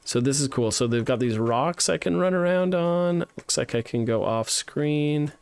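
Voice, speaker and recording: A man's voice: medium pitch, moderate pace, hardly any pauses, darkish tone, smooth, dry recording. A man streaming a live playtest of student games, thinking aloud with lots of fillers and restarts as he gives feedback. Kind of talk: live game playtest commentary.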